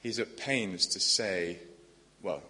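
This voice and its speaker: A man's voice: deep voice, takes it slowly, pushed and bright. A man preaching a sermon in an earnest, conversational way, asking the congregation questions. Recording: long echoing church reverb.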